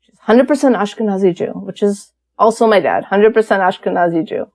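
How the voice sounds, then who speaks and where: A woman guest on an interview podcast tells her story casually and candidly, chatty and animated with lots of fillers. Her voice is medium-pitched and a little fast.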